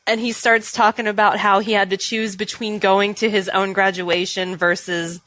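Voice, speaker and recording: A woman co-hosting a casual podcast chat, animated and quick to laugh as she acts out what people said. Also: medium pitch, no room sound, rough recording. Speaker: podcast co-host.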